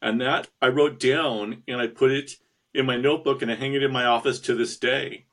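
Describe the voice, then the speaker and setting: A man's voice: medium pitch, steady tone, normal speed, a bit bright. A man guest on an online talk show, telling his story sincerely and with determination. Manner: sincere, determined, with slight restarts. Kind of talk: interview storytelling.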